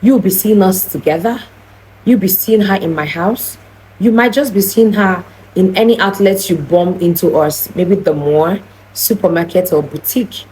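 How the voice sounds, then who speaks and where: A woman voicing her young female friend, who speaks calmly and plainly. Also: fairly low pitch, moderate pace, slight background noise, lightly acted, low-quality recording. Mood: firm. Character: drowsy, cool-headed young woman friend.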